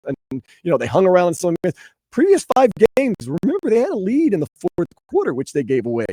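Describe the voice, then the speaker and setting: A man from New Orleans hosts call-in sports radio in a dry studio. His voice sits high and leaps around, sinking into weary mutters before he gets fired up and loud. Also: very animated, quick pace, no room sound.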